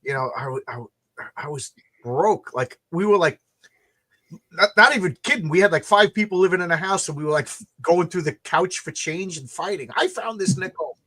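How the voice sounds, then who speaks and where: Man, fairly high voice, tired, rambling, restarts often, casual late-night chat. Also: expressive, fairly quick, bright, forceful tone. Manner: rambling storyteller, many restarts and repeated words. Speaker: comic book creator hosting a launch stream.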